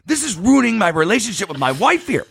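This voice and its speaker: A man voicing an angry, frantic middle-aged husband on the phone, shrill and indignant. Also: very animated, fast talker, creaky, background noise, full character voice.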